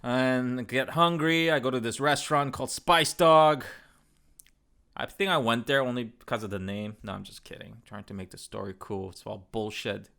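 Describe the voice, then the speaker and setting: A man's voice: medium pitch, normal speed, creaky, a bit bright, clear, resonant tone. A man in his thirties telling a travel story in a casual, rambling, profane way. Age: 30s. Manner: profane, rambling, laid-back. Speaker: travel vlogger.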